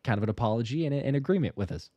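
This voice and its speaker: A man's voice: medium pitch, animated, racing, warm tone, no echo. A man hosting a casual live sports Q&A, reading viewer questions and chatting loosely between them. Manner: loose and chatty, lots of fillers and restarts.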